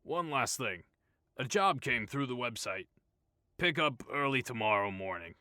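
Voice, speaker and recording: A man voicing a gruff, officious, short and balding store manager with a rambling, wheedling manner in an audiobook. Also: medium pitch, expressive, a little slow, pushed and bright, no echo, clean studio sound, voice pushed up. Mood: pleading, flustered. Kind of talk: audiobook character voice.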